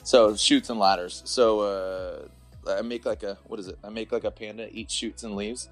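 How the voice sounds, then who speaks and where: A man's voice: on the low side, steady tone, moderate pace, faint music behind. A man, a podcast guest telling a rambling story full of restarts. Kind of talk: casual podcast chat.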